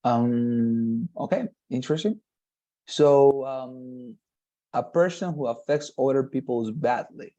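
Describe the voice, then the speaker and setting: A man's voice: medium pitch, warm tone, lo-fi sound. Patient man tutoring on a video call. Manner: patient, explains slowly with many fillers and restarts. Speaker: English tutor. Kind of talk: one-on-one online lesson.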